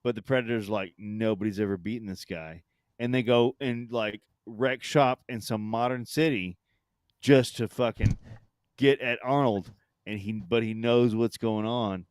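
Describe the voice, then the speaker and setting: A man co-hosting a loose comedy chat, riffing animatedly and slipping into silly voices, with plenty of swearing. His pitch sits in an ordinary middle range. The sound is dry and close to the mic. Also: steady tone, measured pace, smooth, dry recording. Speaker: podcast co-host.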